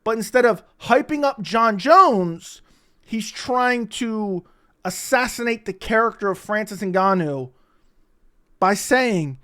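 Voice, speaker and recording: A man's voice: high-pitched, lively intonation, normal speed, pushed and bright. A man giving sarcastic, profane reaction commentary on interview clips.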